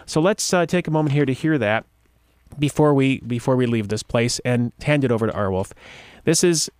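A man's voice: medium pitch, normal speed, darkish tone, clean tone, no echo. Chatty man reading news with asides. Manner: chatty, amused asides between read-out passages; stumbles and restarts when reading. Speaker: podcast host. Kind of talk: casual commentary reading news items aloud.

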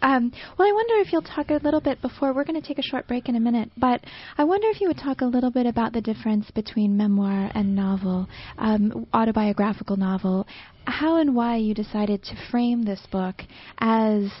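A woman hosting an event, gently prompting her guest with short interjections and follow-up questions. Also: on the high side, a little fast, few pauses, dry recording. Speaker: host of the event. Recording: dull, muffled sound.

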